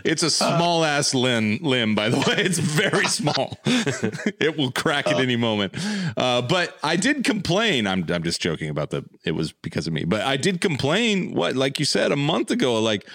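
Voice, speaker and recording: A man's voice: mid-range voice, sing-song, normal speed, creaky, fairly bright tone, no echo, studio quality. A man hosting a podcast, joking around and rambling in casual chat. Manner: jokey, rambling. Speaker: podcast host.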